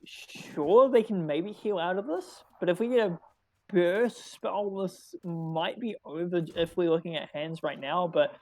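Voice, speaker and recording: An esports co-caster calling a live card game match, excitable and quick to laugh, often restarting mid-sentence. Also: mid-range voice.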